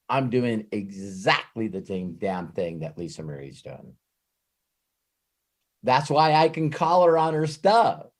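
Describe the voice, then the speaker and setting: A man giving an off-the-cuff motivational talk as a network marketing trainer, rambling and animated, swearing freely and often breaking off and restarting his sentences. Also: lowish voice. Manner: frequent restarts and self-interruptions.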